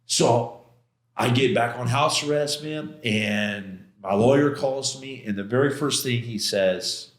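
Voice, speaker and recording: Middle-aged male guest, animated storyteller, mid-pitched voice, echoey room sound. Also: a little slow. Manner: animated, acts out quoted voices, frequent "man". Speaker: podcast guest. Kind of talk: casual storytelling interview. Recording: roomy studio echo.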